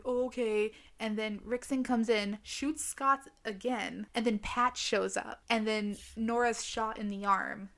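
A young woman hosts a podcast and retells a novel with dry sarcasm. Her voice sits a little high, and she keeps dropping into quick put-on voices for the characters. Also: a bit bright. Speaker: podcast host recapping a book. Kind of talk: casual comedic recap with quoted voices.

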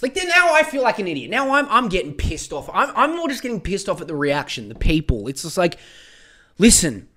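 A man's voice: on the high side, fairly bright tone. A man, hosting a solo podcast and ranting in a profane, heated way with lots of stammered restarts. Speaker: podcast host.

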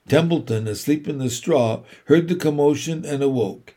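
A man reading a children's book aloud, narrating slowly and deliberately. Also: on the high side, warm tone. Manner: slow, deliberate storytelling.

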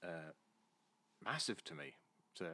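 A man with a Southwest London accent hosting a podcast, friendly and hesitant, with many fillers, his sentences trailing off quietly. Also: sits low, sing-song, slow pace. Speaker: podcast host. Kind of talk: casual chat.

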